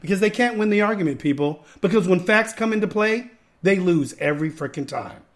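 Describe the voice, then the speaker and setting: A man's voice: high voice, animated, brisk. A man hosting a podcast, giving an emphatic, repetitive, preachy rant to his viewers. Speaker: podcast host. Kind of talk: ranting commentary.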